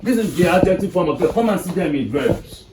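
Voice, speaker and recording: A man's voice: high-pitched, animated, brisk. A man with a Nigerian accent teaching an English lesson to a class, quizzing students and checking "are you getting me". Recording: echoey classroom from far off with noise.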